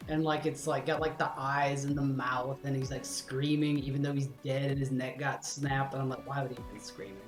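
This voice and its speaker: A man's voice: mid-range voice, flat delivery, a little fast, few pauses, echoey room, faint music behind. A man streaming horror games, rambling through jokes and swearing as he plays. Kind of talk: casual game commentary.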